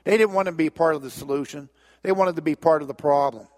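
Man, middle-aged, preacher, sermon, animated storytelling, slightly high voice, long hall reverb. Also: fast talker.

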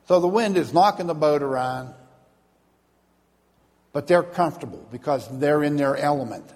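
A man's voice: a little high, animated, moderate pace, darkish tone. A man preaching a sermon as a pastor, telling stories and acting out the voices of the people in them. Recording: long hall reverb.

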